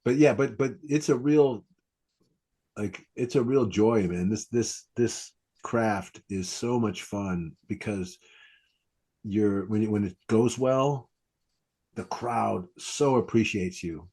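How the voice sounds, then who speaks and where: A man's voice: lowish voice, takes it slowly, warm tone, breathy edge. A man hosting a podcast about stand-up comedy, talking casually and animatedly, acting out quoted lines. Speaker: comedy coach and podcast host.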